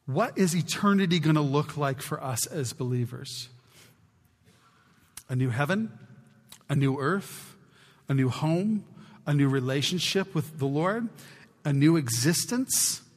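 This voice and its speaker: Pastor guy preaching a sermon, loud then hushed, echoey church hall. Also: a little high, expressive, unhurried, pauses often. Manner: exhorting, swings from loud to hushed. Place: church sanctuary. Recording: long church reverb.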